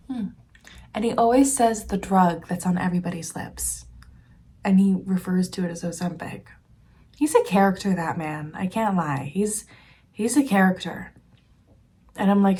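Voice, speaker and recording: A woman in her early twenties, a student vlogger, rambling in a chatty, confiding way and often dropping to a soft near-whisper. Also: medium pitch, normal speed, long pauses, breathy edge. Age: early 20s. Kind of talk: casual rambling vlog chat.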